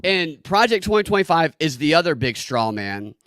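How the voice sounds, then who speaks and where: A man's voice: fairly high pitch, sing-song, normal speed, a bit bright, no room sound, studio quality. A man hosting a podcast, giving sarcastic political commentary and often stammering and restarting his sentences. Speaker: podcast host.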